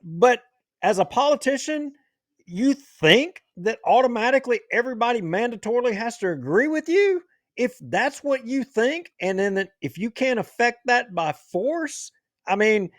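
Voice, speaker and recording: A man's voice: very high voice, sing-song, measured pace, dry recording, clean studio sound. A man hosting a talk show, giving heated, indignant political commentary. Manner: ranting, indignant.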